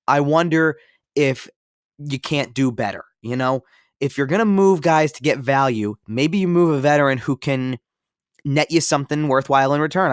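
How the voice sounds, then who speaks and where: A man's voice: fairly high pitch, clean tone, no room sound, studio quality. A man co-hosting a podcast in casual sports talk, rambling and repeating himself with many fillers. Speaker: podcast co-host.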